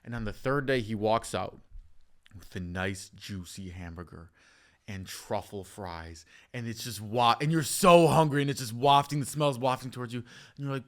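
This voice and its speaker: Animated man telling a joking story. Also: mid-range voice, moderate pace. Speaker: podcast host. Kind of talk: casual podcast chat and storytelling.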